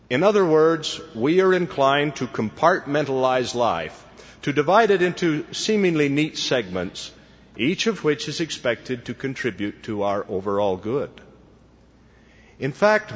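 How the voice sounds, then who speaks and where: Husky man giving a formal sermon in a reverberant hall. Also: medium pitch. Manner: measured, formal, deliberate delivery. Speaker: church leader addressing students. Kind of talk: formal devotional address. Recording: dull lo-fi recording with long hall reverb.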